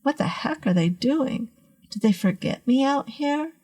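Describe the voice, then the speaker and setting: A woman's voice: sits high, animated, measured pace, a little mellow, slightly rough, voice pushed up, heavily acted. A woman voicing a worried, lost teenage boy in a storybook reading. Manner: worried, fretful.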